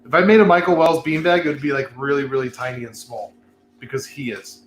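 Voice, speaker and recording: Casual host, man, a bit high-pitched, loose and profane, recorded in a roomy lounge. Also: fairly quick. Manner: laid-back, swearing, laughing, rambling. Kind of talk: casual livestream chat. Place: cigar lounge.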